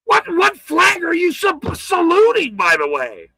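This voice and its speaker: An angry man ranting on his livestream, swearing hard, stammering and shouting. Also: very high-pitched, animated, a little slow, vocal fry, hardly any pauses, no room sound, poor audio. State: furious.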